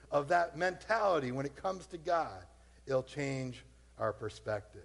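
A man's voice: a little high, a little slow, vocal fry, big-room sound. A man preaching a sermon as a pastor, talking in a loose conversational way and acting out the voices of his listeners.

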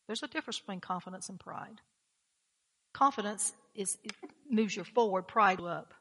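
A woman's voice: medium pitch, normal speed, a bit bright, breathy edge, long reverb tail. A woman pastor preaching a blunt, emphatic sermon, often repeating her key phrases.

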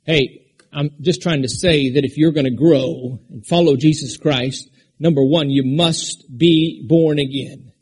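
A man from Alaska delivers a sermon in a high, husky voice. He jumps from loud, forceful proclamations to soft, personal asides aimed at one person in the pews. The rhythm is pastoral and unpredictable. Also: fairly even intonation, a little slow. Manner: preaching with sudden shouts and drops to a quiet conversational tone.

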